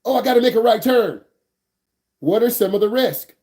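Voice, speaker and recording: Man, driving instructor, high voice, hyped, slangy, repeats questions, jokey. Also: animated, normal speed, darkish tone. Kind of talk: energetic online class teaching.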